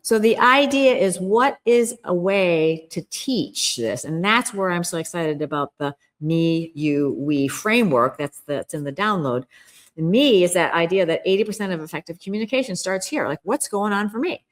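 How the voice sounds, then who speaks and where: Middle-aged woman, interview guest, slightly low voice; earnest, emphatic coach who voices imagined quotes. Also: lively intonation, moderate pace. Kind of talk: podcast interview.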